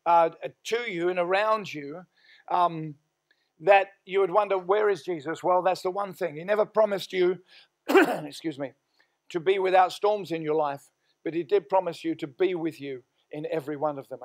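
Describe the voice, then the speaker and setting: A middle-aged Australian man preaching a sermon to his church. His voice sits a little high for a man, and he tells stories in a relaxed, folksy way between prayers. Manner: storytelling, folksy, prays aloud. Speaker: senior pastor. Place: church sanctuary.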